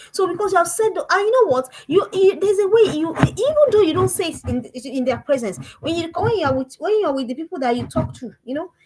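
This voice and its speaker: A woman teaching a parenting lesson, emphatic and animated, who repeats her phrases and keeps asking the listener questions. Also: very high voice, noisy background.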